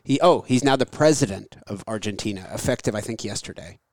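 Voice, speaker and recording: Dude hosting a podcast, cussing and cracking up, dead dry mic. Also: male voice, lowish voice, brisk, dry recording. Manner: profane, laughing storyteller. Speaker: podcast host. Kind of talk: casual chat.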